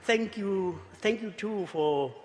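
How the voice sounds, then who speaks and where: A South African archbishop giving a luncheon speech, halting and repeating words, swinging between hushed remarks and exclamations with chuckling asides. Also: male voice, high-pitched, slight background noise. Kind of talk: after-dinner speech. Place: luncheon banquet hall. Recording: reverberant banquet hall.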